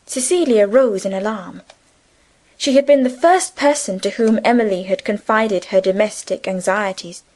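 A woman narrating a novel in a measured storytelling manner. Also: mid-range voice, darkish tone, rough recording. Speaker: audiobook narrator. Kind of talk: scripted narration.

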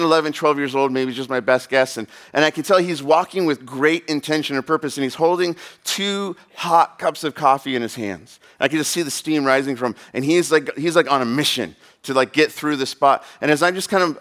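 A man's voice: fairly high pitch, a little fast, hardly any pauses, a bit bright. A man in his thirties preaching a sermon in a casual, rambling way, full of fillers and asides. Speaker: pastor.

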